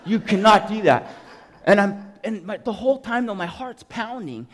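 A man giving an emotional, animated testimony as a sermon, telling his story to a congregation. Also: high-pitched, normal speed, big-room sound.

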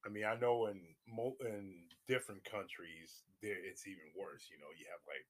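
A young man casually telling a story to his viewers, animated and swearing freely, his voice jumping up when he gets excited. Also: deep voice, normal speed, no room sound. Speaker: vlogger.

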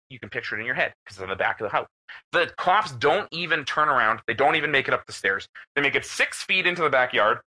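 Animated, laughing podcast storyteller guy. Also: medium pitch, poor audio. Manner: animated, profane, laughs while telling stories. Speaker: podcast co-host. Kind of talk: casual storytelling chat.

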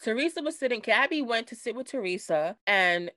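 Slangy, animated woman podcast co-host. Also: fairly high pitch, a little fast, no echo. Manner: animated, slangy, does voices when quoting. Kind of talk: casual recap chat.

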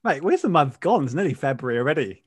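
A man hosts in a relaxed, teasing way and laughs often. His voice sits a little high for a man. The sound is close and dry. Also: fast, breathy edge, dry recording. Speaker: podcast host. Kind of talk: casual chat.

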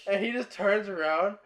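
A young man chatting casually among friends, playfully acting out what others said and laughing as he goes. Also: high voice. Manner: playful, acts out quotes, giggly. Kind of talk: casual chat.

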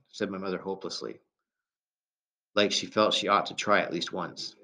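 Low-voiced man narrating a novel. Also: fairly quick, fairly bright tone. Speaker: audiobook narrator. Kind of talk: first-person novel narration. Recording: dull lo-fi recording.

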